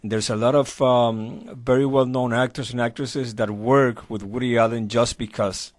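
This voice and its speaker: A man hosting an interview, asking questions with many pauses and repeated words. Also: mid-range voice, fairly even intonation, dry recording. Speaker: host.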